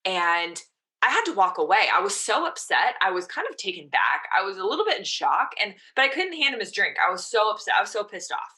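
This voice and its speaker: A woman's voice: medium pitch, sing-song, a little fast, bright, forceful tone. A woman in her thirties, a mental performance coach, casually telling her story as a podcast guest and quoting her own past thoughts.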